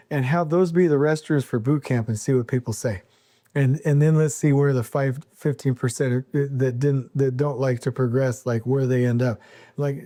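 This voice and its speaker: A man's voice: fairly high pitch, warm tone, no room sound, clean studio sound. Fiery man ranting on a podcast. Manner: fiery, blunt and emphatic, hammering repeated phrases. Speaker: podcast host. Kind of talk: passionate solo podcast rant.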